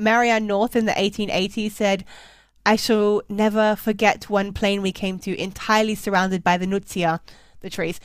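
A woman's voice: medium pitch, no room sound. A young Australian woman from Perth chatting casually with a wry, self-mocking humor and frequent laughs. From Perth, Western Australia. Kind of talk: casual chat.

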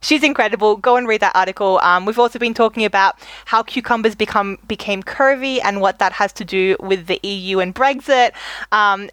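A woman's voice: mid-range voice, a bit bright, no echo. A woman co-hosting a podcast, chatting casually and laughing often. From Australia. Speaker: podcast co-host. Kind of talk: casual chat.

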